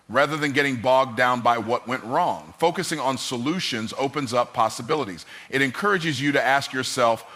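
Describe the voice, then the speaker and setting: A man giving a motivational speech in a measured, scripted delivery without fillers. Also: medium pitch, sharp tone. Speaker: motivational speaker.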